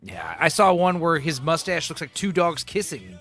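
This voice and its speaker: A man's voice: on the high side, very animated, normal speed, fairly bright tone, faint music behind. A man hosting a podcast in loose casual chat, joking and rambling with plenty of fillers. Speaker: podcast host.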